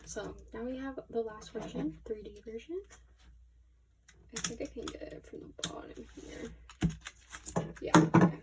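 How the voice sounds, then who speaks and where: A young woman unboxing albums at her desk in casual commentary. She gushes excitably, her voice shaky, often dropping to a near whisper. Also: a little high, normal speed, heavy background noise. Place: small room at her desk.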